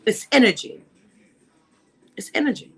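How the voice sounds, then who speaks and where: A woman hosts a casual chat, telling a profane story with lots of energy and animatedly acting out the dialogue. She speaks in an unhurried way, and the recording is rough.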